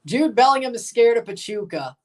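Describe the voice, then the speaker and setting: A woman's voice: fairly high pitch, animated, a little fast, far from the mic. A woman streamer gives live reactions over a soccer match. She teases her viewers with loose, profane banter and slips into little sing-song chants between calls of the minute. Her talk is unscripted, like a fan on the couch. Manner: banters with viewers, swears, chants and sings along. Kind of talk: live watchalong commentary.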